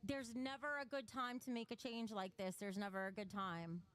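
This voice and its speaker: A woman's voice: fairly high pitch, fairly even intonation, normal speed, fairly bright tone, clear, resonant tone. Blunt, profane woman streamer. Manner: blunt and profane, emotional, reading chat donations. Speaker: livestream host. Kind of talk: casual livestream chat to viewers.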